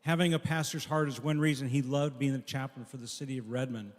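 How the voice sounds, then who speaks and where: A man preaching a memorial sermon, telling a story earnestly and dropping soft at key lines. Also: mid-range voice, fairly even intonation, fast. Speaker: pastor at a memorial service. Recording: long echo of a large hall.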